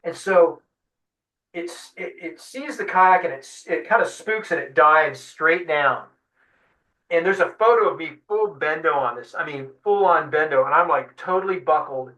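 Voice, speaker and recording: Man, fishing guide, animated storyteller, slightly high bright voice, distant mic in an echoey room. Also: moderate pace. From San Diego. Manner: animated storyteller acting out quotes. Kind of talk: storytelling in a webinar interview.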